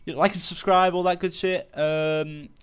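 A man's voice: high voice, moderate pace, clear, resonant tone. Rambling man commentating a game. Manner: rambling, full of fillers and restarts, easily excited. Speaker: gaming channel host. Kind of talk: casual let's-play commentary.

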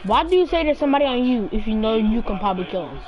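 A woman chatting casually while playing an online game, teasing a teammate over and over and yelling now and then. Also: fairly high pitch, animated, very fast, a crowd in the background. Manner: taunting, repetitive teasing; loud, yelling outbursts. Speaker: gamer. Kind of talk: casual gaming chat.

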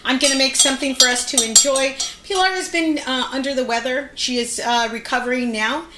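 A woman's voice: high voice, a little fast, echoey room, heavy background noise. A woman hosting a live cooking show from her home kitchen, chatting while she explains each step.

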